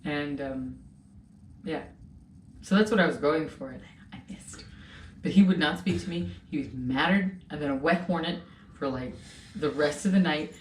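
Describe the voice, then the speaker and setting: A woman with a slightly low voice tells stories in an animated, casual way. She sits a bit back from the mic in a roomy space with a faint hiss underneath. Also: normal speed, far from the mic. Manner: animated storytelling. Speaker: host. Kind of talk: casual chat.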